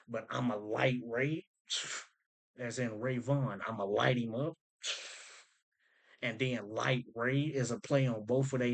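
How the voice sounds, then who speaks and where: Guy doing a chill rap bar breakdown, repeats lines and explains em, talks casual. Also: medium pitch. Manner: explains wordplay conversationally, repeats lines to unpack them. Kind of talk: casual commentary.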